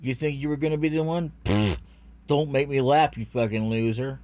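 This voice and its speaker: A man's voice: medium pitch, normal speed, dry recording, close to an everyday voice. A man doing a sneering, jeering taunter. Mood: mocking. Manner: jeering, loud. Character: sneering taunting male voice mocking a lonely viewer. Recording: dull lo-fi recording.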